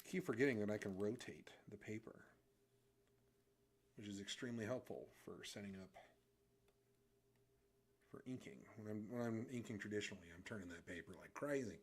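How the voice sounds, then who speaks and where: A man's voice: on the low side, fairly quick, pauses often, breathy edge. Rambling male streamer chatting while he draws. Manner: rambling, self-deprecating, thinks aloud. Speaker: livestreamer drawing comics. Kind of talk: casual chat while drawing.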